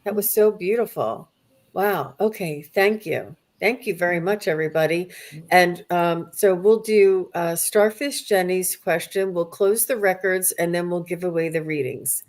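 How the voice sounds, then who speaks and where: A woman hosting a spiritual livestream, soft-spoken and gushing as she thanks her viewers. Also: fairly low pitch, a little slow. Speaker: livestream host. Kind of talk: live stream chat.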